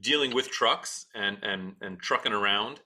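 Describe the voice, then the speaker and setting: A man's voice: lowish voice, unhurried, pushed and bright. A man co-hosting a podcast in casual chat, with wry, playful banter and frequent stammering restarts. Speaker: podcast co-host.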